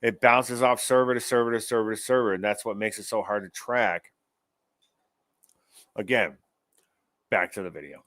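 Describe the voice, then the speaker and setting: A man's voice: fairly low pitch, normal speed, pauses often, fairly bright tone, a little hiss or hum. A man hosting his own show, giving rambling, profane commentary in a casual ranting manner. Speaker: show host.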